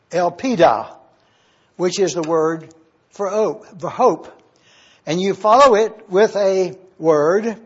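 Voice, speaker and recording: A man giving an expository Bible teaching sermon as pastor, deliberate and repeating key phrases for emphasis. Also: high-pitched, darkish tone, husky, highs cut off.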